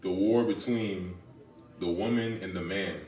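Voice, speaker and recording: Deep-voiced male host, far off in a roomy space. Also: steady tone, a little slow, a little mellow, faint music behind. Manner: brief, agreeable replies. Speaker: podcast host. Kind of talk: interview questions. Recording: distant, roomy mic with faint noise.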